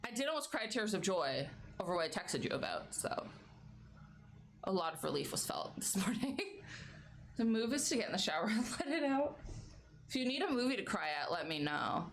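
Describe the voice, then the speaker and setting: A woman's voice: medium pitch, big pitch swings, fairly quick, a little hiss or hum. A young adult woman streamer chatting casually and laughing often between stories. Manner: chatty, giggly, baby-talks her pets. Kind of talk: casual chat.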